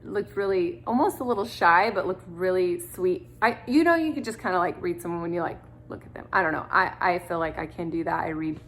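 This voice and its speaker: A woman's voice: on the low side, brisk, few pauses, a bit bright. A woman in her thirties, an adoptive mother, telling stories in a casual, rambling way with many fillers. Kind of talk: casual storytelling to camera.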